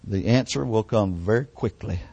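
An older man delivers a sermon at a church service, recounting his own story with fervent repetition. He sinks into hushed, near-whispered lines at the emotional peaks, and the recording is dry and close. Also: fairly low pitch, normal speed, gravelly, dry recording. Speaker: preacher. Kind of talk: sermon testimony.

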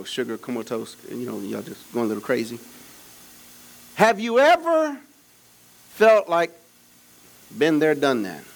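A man pastor preaching an energetic sermon with call-and-response, swinging from shouts to quiet asides. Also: fairly low pitch, vocal fry, slight background noise, rough recording. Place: church service with children present.

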